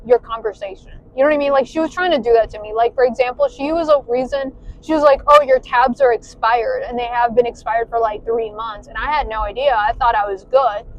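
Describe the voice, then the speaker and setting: A woman's voice: on the high side, quick pace, hardly any pauses, dull audio. A young woman talking frankly while driving, swearing freely and filling her talk with "like". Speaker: vlogger. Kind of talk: casual venting while driving. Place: inside a car.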